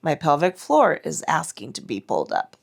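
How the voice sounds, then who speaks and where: A woman teaching a mat Pilates class while she performs the exercises, her breath slightly tight from the effort. Her voice sits low and moves through a wide, animated range. A gravelly fry runs through her cues. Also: moderate pace. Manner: cueing breath and form, speaking against muscle contraction. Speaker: Pilates instructor.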